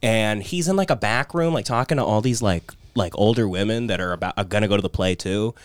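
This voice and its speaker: A man telling stories in casual podcast chat, animated and acting out the voices of the people he quotes. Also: on the low side, fairly quick, no echo. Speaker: podcast guest.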